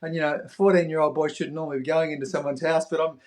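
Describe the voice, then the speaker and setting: A middle-aged Australian man in an interview, telling a story with open emotion. His voice sits somewhat high for a man, and he jumps into other people's voices, then falls nearly to a hush at tender moments. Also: racing. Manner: animated, acts out voices of others, drops to near-whispers at tender moments. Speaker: podcast guest, former athlete.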